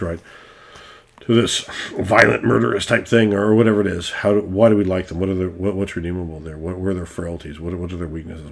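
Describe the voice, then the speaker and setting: Man, middle-aged, game master, rambling casual talk, fairly low voice, swears a lot. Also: slightly rough. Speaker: game master and video host.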